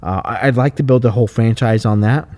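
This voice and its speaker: With a mid-range voice and a fairly quick delivery, a car builder who owns a shop tells profanity-heavy stories in animated fashion during a casual podcast chat.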